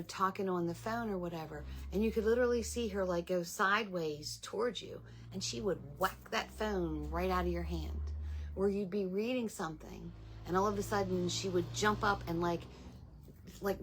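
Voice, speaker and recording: Middle-aged female host, slightly low voice, rambling spiritual chat with fillers. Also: a bit bright, husky. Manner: chatty, meandering, with many ums and asides. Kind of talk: casual talk to viewers.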